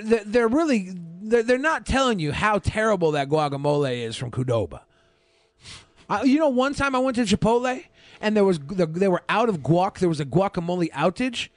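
A man's voice: sits high, no echo. A man co-hosting a podcast, arguing heatedly in casual banter, swearing freely. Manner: animated, heated, profane. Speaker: podcast co-host.

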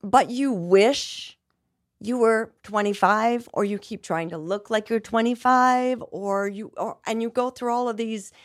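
A woman's voice: a little high, unhurried, no room sound, clean studio sound. A middle-aged woman singer talking earnestly as a podcast guest, reflective, with frequent restarts and some stretched-out words. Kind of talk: candid conversational interview.

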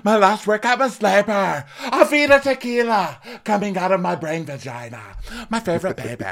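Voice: mid-range voice, expressive, normal speed, voice pushed up, natural voice. A podcaster voicing a giddy, scatterbrained woman reality star who rambles over the top.

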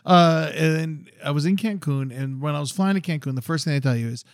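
A man in his forties tells a long, rambling story with plenty of swearing. His voice sits a little high for a man, and the sound is dry and close with no room echo. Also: fairly quick. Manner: rambling, profane, animated storyteller. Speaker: podcast co-host. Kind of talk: casual storytelling chat.

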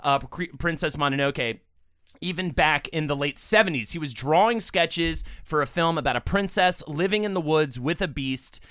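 Bright, clear-voiced male podcaster. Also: on the high side, normal speed, dry recording, clean studio sound. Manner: rambling, hesitant, many restarts. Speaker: podcast co-host. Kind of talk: casual film discussion.

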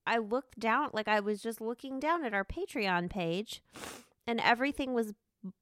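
A woman's voice: a little high, moderate pace, fairly bright tone, dry recording, clean studio sound. A woman co-hosting a podcast in casual chat, rambling and poking fun at herself, laughing as she goes, recorded in a living room. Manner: rambling, self-deprecating, laughing. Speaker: podcast co-host.

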